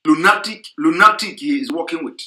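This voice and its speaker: A man's voice: fairly high pitch, brisk, pushed and bright, reverberant. A man delivering a heated, repetitive, scolding political rant on an online radio broadcast.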